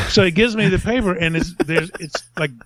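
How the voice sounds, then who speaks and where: A man's voice: sits high, animated, normal speed, no echo. A man telling a long story in casual podcast chat, rambling and self-mocking, laughing often.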